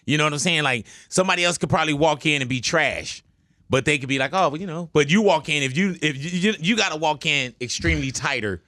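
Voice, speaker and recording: A man's voice: a little high, quick pace, sharp tone, no echo, studio quality. A man hosting a casual radio interview, loose and joking, talking in slang. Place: radio studio.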